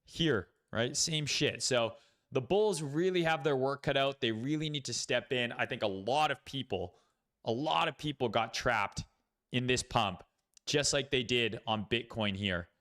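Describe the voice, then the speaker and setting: Unhurried and a little bright, his mid-range voice walks through crypto market talk on a casual livestream. The host is blunt and foul-mouthed, musing aloud with lots of ums and fillers.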